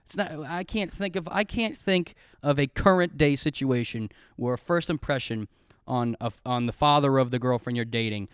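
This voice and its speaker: A man's voice: mid-range voice, moderate pace, smooth, no echo, clean studio sound. A man hosting a casual solo podcast, telling rambling, profane, self-mocking stories. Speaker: podcast host.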